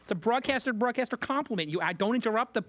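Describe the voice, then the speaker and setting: A man's voice: very high voice, animated, racing, fairly bright tone, no echo. A man from Brooklyn hosting a podcast, talking in a rambling, candid way and often correcting himself mid-sentence. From Brooklyn, New York. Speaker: podcast host. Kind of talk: casual studio chat.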